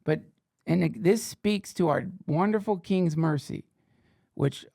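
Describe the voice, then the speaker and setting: A man's voice: a little high, unhurried, vocal fry, warm tone, dry recording, clean studio sound. A man hosting a podcast, reading fake fantasy news with profane, sarcastic and rambling asides. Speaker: podcast host.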